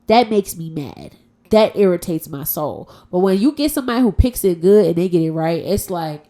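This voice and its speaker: A woman's voice: on the low side, animated, normal speed, dark tone. A woman hosting a casual solo podcast from home, talking in a frank, profane and playful way. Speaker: podcast host.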